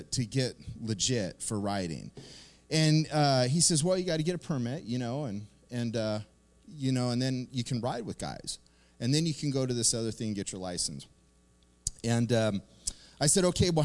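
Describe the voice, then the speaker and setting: A man's voice: medium pitch, darkish tone. A man preaching a casual sermon, telling stories and jokes with lots of fillers. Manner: storytelling, joking, conversational with fillers. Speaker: pastor. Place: church sanctuary. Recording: reverberant church hall.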